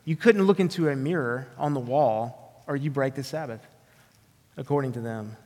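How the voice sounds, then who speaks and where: A man's voice: medium pitch, moderate pace, darkish tone, long reverb tail. A man with a Southern drawl preaching an earnest, emphatic sermon, often restarting his phrases. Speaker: pastor.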